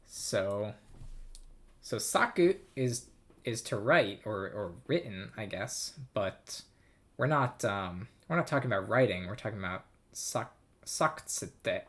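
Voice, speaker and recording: A man's voice: fairly low pitch, animated, unhurried, fairly bright tone. A man casually reading through a text, thinking aloud in a hesitant, self-amused way. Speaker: language learner reading a game aloud.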